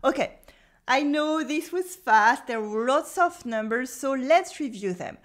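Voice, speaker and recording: A woman with a French accent leads a pronunciation lesson at an unhurried pace. Her voice sits a little high, and she works through careful drills, pausing so the listener can repeat after her. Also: expressive. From France. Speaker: French teacher.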